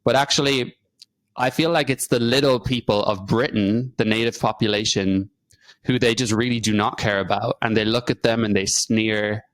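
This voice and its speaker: A man from Ireland with an Irish accent, hosting a podcast and putting questions to his guest in a measured way, thinking aloud with fillers. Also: on the low side, fairly even intonation, fairly bright tone, no echo. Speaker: podcast host. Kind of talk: casual interview conversation.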